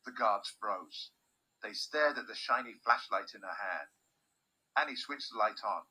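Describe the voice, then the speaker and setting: A man reads a children's chapter book aloud, his narration expressive and full of swings in pitch. His voice is very bright and a touch husky. He has the steady, clear delivery of a teacher. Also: unhurried, rough recording.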